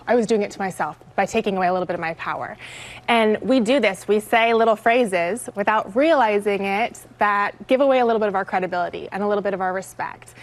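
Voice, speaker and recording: A woman in her thirties speaks as a guest in a TV studio, with a voice of middle pitch. She explains her tips in a clear, instructive way and illustrates each one with a concrete phrase. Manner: clear, instructive, gives examples. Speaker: guest, leadership coach. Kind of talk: studio interview.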